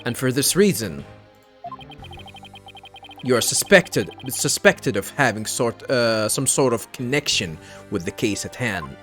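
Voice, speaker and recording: A man reads an earnest young defense attorney who presses the witness in a firm, accusing tone. The pitch moves a lot, and the pace is unhurried. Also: sing-song, fairly bright tone, soft background music.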